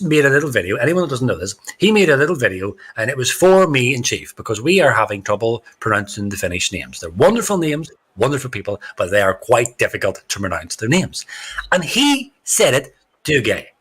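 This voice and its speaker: A man doing excitable, chatty, joking commentary on a live sim racing stream. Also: medium pitch, fairly quick, hardly any pauses, slightly rough. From Ireland. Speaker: race commentator. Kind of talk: live esports race commentary.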